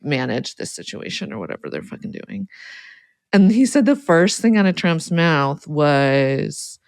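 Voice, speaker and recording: A woman's voice: low-pitched, no room sound. Wry, offhand woman co-hosting a podcast. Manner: wry, offhand, with fillers and trailing asides. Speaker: podcast co-host. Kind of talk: casual podcast chat.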